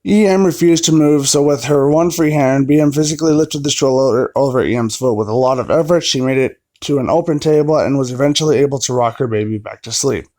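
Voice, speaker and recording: A man's voice: medium pitch, a little fast, few pauses, a little mellow. A man reading online stories aloud, breaking off now and then for wry, chatty comments. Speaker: story reader.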